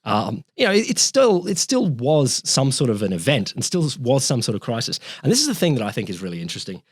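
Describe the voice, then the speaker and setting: A man co-hosting a casual podcast, explaining history in an animated way, swearing casually and often restarting his sentences. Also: mid-range voice, quick pace, husky, dry recording, studio quality.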